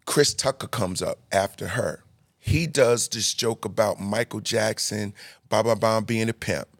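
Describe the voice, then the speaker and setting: A man hosting a podcast, telling stories in a casual, animated, slangy way. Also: lowish voice, unhurried, dry recording, clean studio sound. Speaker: podcast host. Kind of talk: casual storytelling chat.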